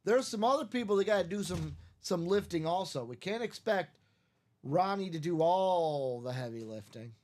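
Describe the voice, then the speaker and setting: A chatty male host on a live stream with a slightly high voice. He jokes easily and banters about football bets. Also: lively intonation, normal speed, darkish tone. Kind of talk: casual chat.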